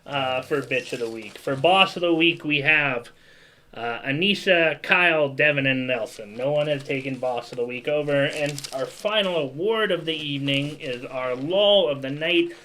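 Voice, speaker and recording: Guy hosting a chill podcast, bright voice, calls on his buddies one by one. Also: on the high side, normal speed, a little hiss or hum, rough recording. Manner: runs segments, hands turns to co-hosts. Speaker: podcast host. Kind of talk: casual podcast chat.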